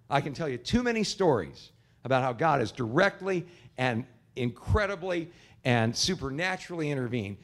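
Male pastor, sermon delivery with a fairly high, expressive voice that swings wide; animated storyteller, soft in prayer. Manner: animated storyteller, acts out characters in jokes; soft, slow earnest prayer.

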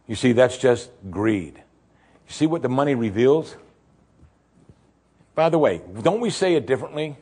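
A male pastor preaching a sermon in an animated way, full of rhetorical questions and acted-out voices. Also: mid-range voice, moderate pace, pauses often, breathy edge.

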